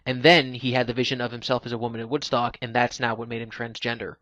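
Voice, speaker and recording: A man's voice: mid-range voice, little pitch movement, fast, a bit bright, dry recording. A man hosting a casual live stream, explaining at length with lots of "like"s and restarts. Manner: chatty, explains at length with many "like"s. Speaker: podcast host.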